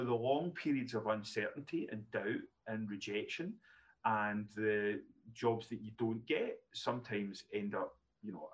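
A man in his fifties, a neurologist telling self-deprecating stories as a podcast guest, animated, with frequent restarts. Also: fairly low pitch. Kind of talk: casual podcast storytelling.

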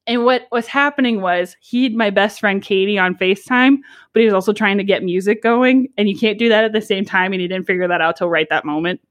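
A young woman in her twenties co-hosting a podcast, telling a story in a casual chat, animated and giggly with lots of "like". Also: medium pitch, fairly quick. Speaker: podcast co-host.

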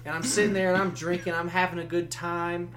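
Young dude telling a crude story on a podcast, swears a lot, faint hum behind. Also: male voice, high-pitched, brisk. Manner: profane, animated storyteller. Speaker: podcast guest. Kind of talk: casual storytelling.

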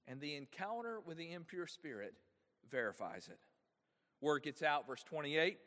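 Expressive preacher in an echoing hall. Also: male voice, on the high side, moderate pace. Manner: expressive preaching with rhetorical questions. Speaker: pastor. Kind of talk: sermon. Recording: long echo of a large hall.

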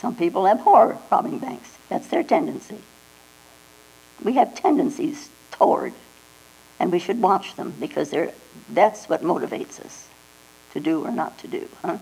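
An older woman, a Zen teacher, giving a slow, reflective dharma talk with frequent "you know" and "huh?" asides, on a 1989 tape. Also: lowish voice, sing-song, creaky, warm tone, breathy edge, low-quality recording. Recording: 1989 tape with mains hum.

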